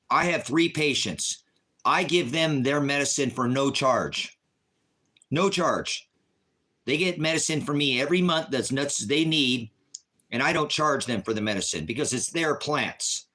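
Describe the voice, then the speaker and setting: A man hosting a casual livestream, arguing his point with emphatic repetition. His voice is bright and forward, and he sits at an ordinary middle pitch for a man. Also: lively intonation, moderate pace. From Oregon, USA. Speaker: livestream host.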